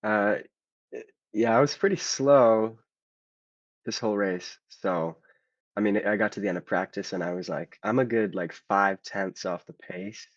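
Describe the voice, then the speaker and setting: A man's voice: fairly low pitch, measured pace, no echo, dull audio. A man who drove the race, explaining his strategy in a hesitant way, with many ums and likes. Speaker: race driver being interviewed. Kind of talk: casual interview answers.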